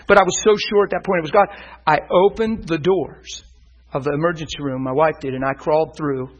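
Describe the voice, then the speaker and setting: Husky man preaching a testimony. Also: fairly high pitch, quick pace, lo-fi sound. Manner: animated storytelling, laughing often. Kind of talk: sermon testimony.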